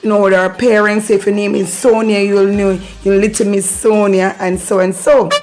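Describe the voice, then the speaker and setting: A woman from Jamaica with a Jamaican accent, hosting a casual video lesson on patois, playful and quick to laugh. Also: mid-range voice, little pitch movement, darkish tone, faint music behind. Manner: playful, laughs often, lilting patois phrases. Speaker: channel host teaching patois.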